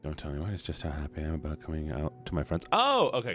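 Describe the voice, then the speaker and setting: A male streamer giving excitable, casual commentary on a game, swearing and laughing as he goes. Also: very deep voice, fast talker, faint music behind.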